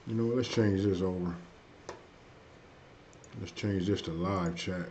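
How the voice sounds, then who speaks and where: A man hosting a casual live stream, chatting loosely with viewers and saying his energy is low tonight. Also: steady tone, a little slow, darkish tone, a little hiss or hum. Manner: loose and conversational, frequent "hey" and "you know what I mean". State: a bit under the weather, low energy. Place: at home. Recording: dull lo-fi stream audio.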